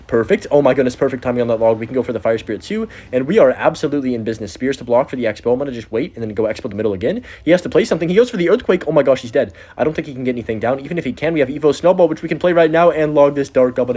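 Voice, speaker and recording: Fast-talking young man giving gameplay commentary. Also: on the low side. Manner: excitable, talks to himself while playing. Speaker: gaming video creator.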